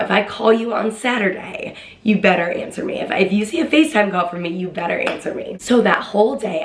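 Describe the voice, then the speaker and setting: A young woman telling a story to the camera in a chatty, excitable way, acting out the quoted lines in a higher voice. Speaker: vlogger. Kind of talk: casual storytime. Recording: roomy, echoey room.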